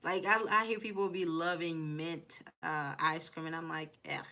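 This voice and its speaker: A woman's voice: sits low, flat delivery, moderate pace, sharp tone. Chatty woman with Haitian-Kentucky accent. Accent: mixed Haitian and Kentucky. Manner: chatty, rambling, reads viewer comments aloud; laughs often, giggly asides. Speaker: live streamer. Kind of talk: casual live-stream chat.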